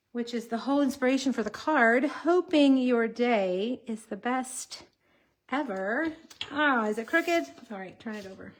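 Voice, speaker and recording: A woman's voice: on the high side, slight background noise. Chatty woman crafting live to viewers. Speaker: card-making host. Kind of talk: casual craft livestream.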